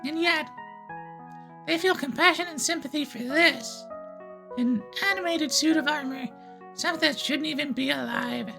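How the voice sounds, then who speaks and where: A man's voice: very high-pitched, normal speed, creaky, over music, voice pushed up. A man doing a cold, musing being. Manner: detached, musing.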